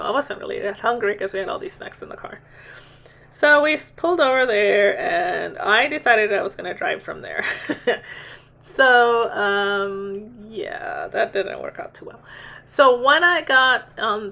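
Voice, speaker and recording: A woman's voice: medium pitch, vocal fry, pushed and bright. A middle-aged woman, chatting casually in a vlog, laughing often and breaking off mid-sentence. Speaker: vlogger.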